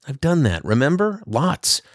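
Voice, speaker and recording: A dreamy young sister speaks in a plaintive, wistful way, as a man reads her. The voice sits well above his usual one, slow-paced, with a dry close sound. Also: on the high side, big pitch swings, no echo, voice pushed up. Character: sad dreamy young sister who sings.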